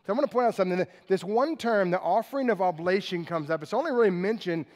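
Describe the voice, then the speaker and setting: A man preaching a sermon in an auditorium, telling the story in an animated, joking way with sarcastic asides. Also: high-pitched, fast. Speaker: pastor. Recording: long hall reverb.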